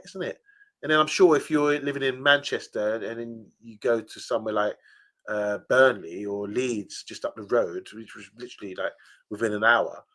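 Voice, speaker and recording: Casual male co-host. Rambling storyteller, mid-pitched voice, loose and chatty. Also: pushed and bright. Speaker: podcast co-host. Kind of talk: casual chat.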